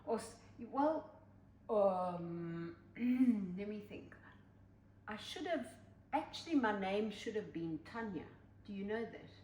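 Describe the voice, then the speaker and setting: An older woman co-hosting a podcast in casual chat, giving advice in a measured way with homely images. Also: mid-range voice, animated, a little mellow. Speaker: podcast co-host. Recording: roomy, distant mic, faint noise.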